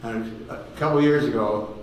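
A man in his eighties giving a personal testimony sermon, halting and repeating words as he tells stories. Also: medium pitch. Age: 80s. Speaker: guest speaker giving testimony. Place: ministry meeting room with audience. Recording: very echoey hall, distant mic, faint noise.

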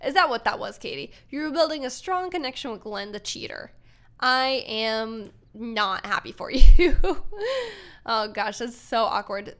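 A young woman talks through her gameplay in a casual, giggly way, thinking out loud as she plays. Her voice sits a little high for a woman. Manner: chatty, giggly, thinking aloud while playing. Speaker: gaming YouTuber. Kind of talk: casual let's-play commentary.

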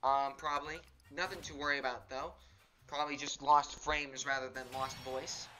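A man's voice: medium pitch, flat delivery, moderate pace, sharp tone, slight background noise. A man streaming a fighting game, chatting casually in a rambling, laid-back way full of fillers as he comments on matches. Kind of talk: casual live gameplay commentary.

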